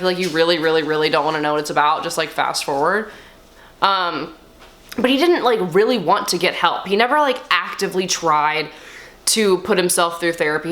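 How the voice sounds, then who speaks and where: Young woman, book vlogger, casual chat, low-ish voice, blunt, swears a lot, pitch jumps around. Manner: candid and swearing, lively swings of pitch.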